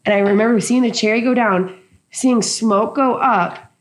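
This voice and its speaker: A woman's voice: on the high side, moderate pace. A woman, a bartender, recalling a bar incident in casual chat, chatty with many "like" fillers. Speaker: bartender and podcast co-host.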